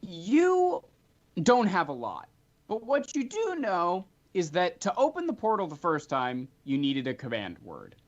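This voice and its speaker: Male game master, animated pitch, narrates a tabletop game in a dull lo-fi recording. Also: normal speed. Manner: animated, chatty narration with frequent filler ums.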